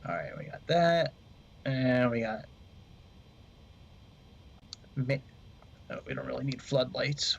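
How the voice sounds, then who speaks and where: Man, flight sim streamer, casual commentary, swears a lot, mid-pitched voice, slightly dull lo-fi mic. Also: unhurried, vocal fry. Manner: rambling, swears freely, talks to chat.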